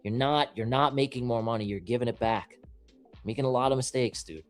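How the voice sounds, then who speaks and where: A man's voice: mid-range voice, a little fast, faint music behind. Guy host on a trading stream, blunt and sweary, pushes hard on his point, mid-range voice. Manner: emphatic, blunt, profane advice. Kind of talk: casual live-stream chat.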